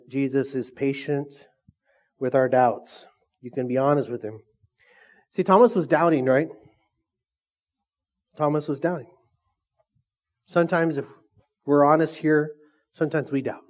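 A man preaching a sermon as pastor, casual and energetic, full of questions to the congregation. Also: on the high side, highs cut off.

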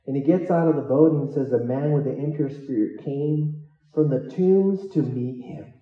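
A man's voice: a little high, normal speed, echoey room, far from the mic, narrow, tinny audio. A man preaching a sermon as a pastor, who jokes and acts out the disciples' lines as he tells the story. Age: adult with children. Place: church hall.

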